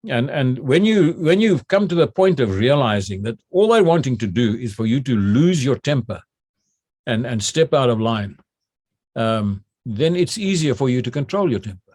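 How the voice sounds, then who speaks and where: An older man from South Africa, a retired general telling stories from his military training, often repeating words as he starts and acting out shouted drill calls. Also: mid-range voice, sing-song, normal speed, no echo, clean studio sound. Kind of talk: recounting memories.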